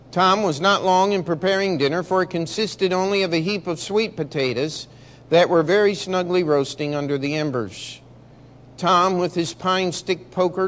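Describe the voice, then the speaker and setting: A man reading a story lesson aloud in a steady, measured way. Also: on the high side, slight background noise. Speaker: reader.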